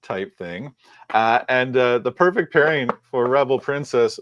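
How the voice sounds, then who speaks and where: A man chatting casually on a live show, halting and full of fillers. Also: medium pitch, animated, no room sound, dull audio. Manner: hesitant, many fillers. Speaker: panelist on a live whiskey and board game show. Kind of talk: casual chat.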